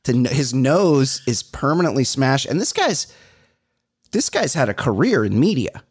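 A middle-aged man with a gravelly, husky voice, talking casually as a podcast co-host. His pitch leaps around as he acts out conversations. He rants loosely and gets worked up. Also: normal speed. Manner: animated, acts out exchanges with big pitch jumps. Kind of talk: casual comedic chat.

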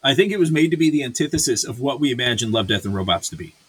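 Male podcast host, husky voice, profane and ranting, loose filler-heavy delivery. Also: mid-range voice, expressive, racing, fairly bright tone. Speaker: podcast host reviewing a series. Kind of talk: casual review chat.

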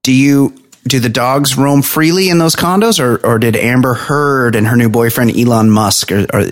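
A man's voice: medium pitch, normal speed. A man co-hosting a podcast, chatting casually with crude jokes and banter. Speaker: podcast co-host. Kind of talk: casual comedic chat.

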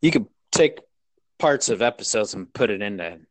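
An easygoing man co-hosting a casual sports podcast, mostly agreeing and chatting. His voice is quite low, and it is recorded close and dry. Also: animated, normal speed, dry recording, low-quality recording. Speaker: podcast co-host.

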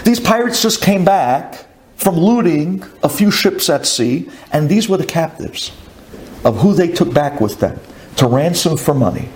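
A man's voice: fairly high pitch, lively intonation, a little slow, a little mellow, a little hiss or hum. A man voicing a humble male butcher who earnestly recounts an old memory to a rabbi. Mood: recounting. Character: humble middle-aged male butcher, confiding.

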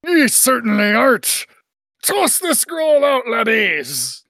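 Man voicing a gravelly pirate captain, boastful and gruff, slow and drawling, for a tabletop game. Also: extremely high pitch, huge pitch swings, pushed and bright, no room sound, voice pushed up, full character voice. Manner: growling pirate talk, "arr" and "me".

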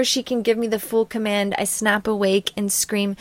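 A woman's voice: medium pitch, flat delivery, normal speed, hardly any pauses, no echo. A woman reading her own sailing memoir aloud in a dreamy, poetic manner. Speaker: narrator.

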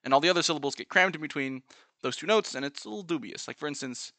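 A man's voice: fairly high pitch, rapid-fire, sharp tone, dry recording. A man giving an earnest, playfully analytical explanatory monologue, breaking into short sung examples. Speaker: video essayist.

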